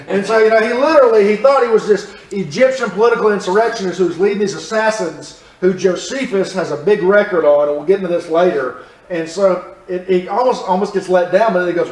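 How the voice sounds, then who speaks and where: A man's voice: sits high, fairly quick. A man teaching a church Bible study class, talking conversationally and quizzing his listeners as he explains the passage. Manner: conversational, asks the class questions. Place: church room. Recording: roomy, from a distance.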